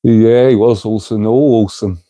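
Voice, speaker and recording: Chatty man with a mellow voice. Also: on the low side, fairly even intonation, normal speed, no echo. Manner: rambling, chatty, addresses viewers as mate. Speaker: livestream host reading chat. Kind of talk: casual livestream chat.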